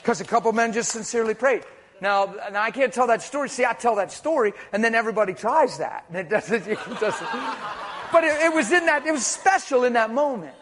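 A middle-aged man preaching a sermon, telling stories with hushed asides and loud bursts of emphasis. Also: very high voice, a little fast, a little hiss or hum. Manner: storytelling, animated, swings between hushed asides and loud emphasis. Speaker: traveling preacher.

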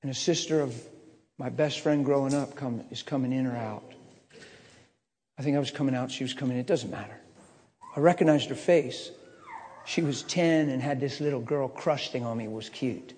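A middle-aged man preaching a personal testimony, swinging from low muttering to impassioned shouting. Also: moderate pace. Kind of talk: sermon testimony storytelling. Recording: echoey hall reverb.

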